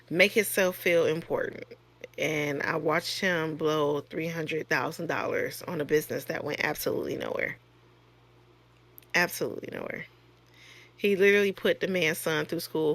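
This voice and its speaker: A woman's voice: low-pitched, vocal fry, a bit bright. A woman nurse and course creator talking frankly in a casual storytelling monologue, her voice rising sharply when she retells exchanges.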